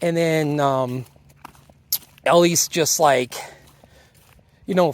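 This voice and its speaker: A video reviewer casually and loosely recaps a TV episode aloud, acting out the characters' lines and drifting until he loses the thread. His mid-range voice is fairly even in intonation, and he talks extremely slowly with long pauses.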